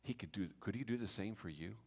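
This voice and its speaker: A man preaching a sermon as pastor, telling the story with lively acted-out dialogue. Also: fairly low pitch, fast, slightly rough. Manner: animated storytelling, acting out biblical speakers in voice. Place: church sanctuary. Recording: reverberant church hall.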